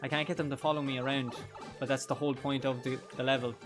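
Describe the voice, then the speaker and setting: A young man streams a game live, narrating the gameplay with crude jokes and laughing often. He talks fast in a mid-range voice with a level tone. Music plays in the background.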